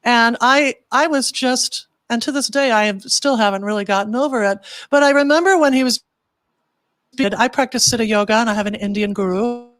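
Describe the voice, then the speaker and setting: A woman hosting on a video call, warm and attentive in her replies. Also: on the high side, fairly quick, no room sound. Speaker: host. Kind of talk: casual conversation.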